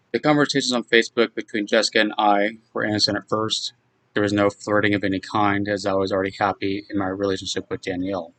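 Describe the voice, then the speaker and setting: A man in his twenties reading his own personal account in a measured, reflective way. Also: lowish voice, a bit bright, poor audio. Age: 20s. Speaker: guest narrator telling his own story.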